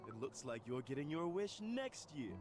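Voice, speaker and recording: A caring cookie father, voiced by a man, speaks in a gentle, reassuring mid-range voice that moves lively in pitch. Clear game music sits behind him. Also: moderate pace, close to an everyday voice. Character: kindly adult male cookie, caring parent. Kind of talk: game voice acting.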